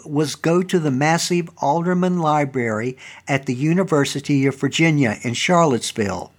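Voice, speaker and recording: A man narrating a first-person story as the host of his own show, with a fairly high-pitched voice. He tells it in an earnest, conversational manner. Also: moderate pace, few pauses, soft background music. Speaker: storytelling host and historical reenactor.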